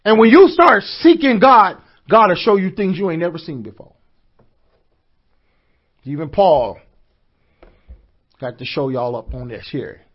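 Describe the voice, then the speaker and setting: A man with a high voice preaches a sermon, calling out to his congregation for answers and building into shouts. The recording is dull and lo-fi. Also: expressive, a little slow, long pauses, breathy edge. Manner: call-and-response preaching, rising to shouts. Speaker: pastor.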